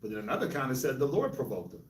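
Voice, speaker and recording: A man's voice: mid-range voice, sing-song, very fast, echoey room, recorded from a distance, a little hiss or hum. A man hosting a casual Bible discussion, laughing often and talking in loose slang. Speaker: host of a Bible discussion show.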